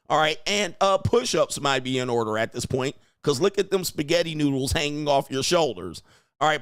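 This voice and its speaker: A man's voice: fairly high pitch, dry recording. Mocking male reaction host, dry sound. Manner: mocking, preachy, laughs at clips. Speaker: commentary channel host. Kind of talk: reaction commentary.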